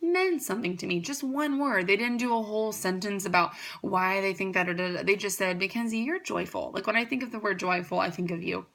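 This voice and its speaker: Young woman, founder pitch, casual, rambling, upbeat, bright tone, mid pitch. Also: quick pace, hardly any pauses. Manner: chatty and upbeat, rambling with fillers and restarts. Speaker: card company founder. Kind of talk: casual product pitch to camera.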